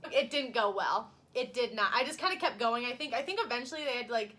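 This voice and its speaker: Bright high-voiced young woman telling stories. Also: fast. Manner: animated storyteller, many "like" fillers, laughs often. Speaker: co-host. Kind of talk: casual chat.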